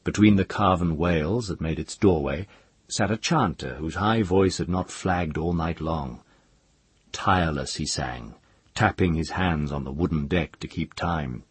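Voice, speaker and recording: Deep, raspy-voiced male audiobook narrator. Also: no echo. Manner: measured, calm storytelling.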